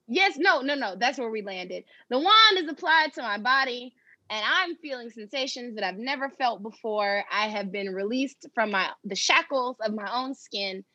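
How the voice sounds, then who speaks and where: A young adult woman hosting a podcast, telling a personal story in a candid, animated way with laughter. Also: on the high side, dry recording, dull audio. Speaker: podcast host. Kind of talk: casual storytelling chat.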